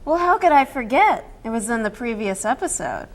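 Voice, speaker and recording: High, sassy horror hostess for a campy sketch, played by a woman. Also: big pitch swings, a little fast. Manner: folksy, sassy, exclaiming. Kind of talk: campy comedy sketch acting.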